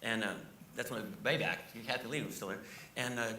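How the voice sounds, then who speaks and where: Middle-aged man, comedian, animated storyteller, rapid talk, very bright voice, roomy distant sound. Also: medium pitch, slight background noise. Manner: fast, excitable, laughing anecdotes. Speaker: comedian guest. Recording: echoey room, distant mic.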